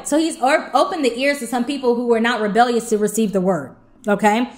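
A woman's voice: a little high, a little fast. A woman reading scripture aloud, stumbling over and restarting words, with casual asides explaining the verses. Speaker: scripture reader.

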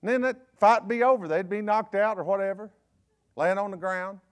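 A man with a Southern US accent, a bishop preaching a sermon in a folksy, joking way with quick asides. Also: high-pitched. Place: church service.

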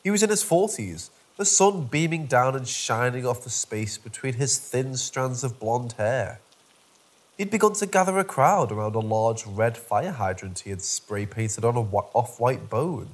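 A man's voice: medium pitch, expressive, a little slow. A man narrating a first-person horror story from a script, in a dry, wry storytelling manner.

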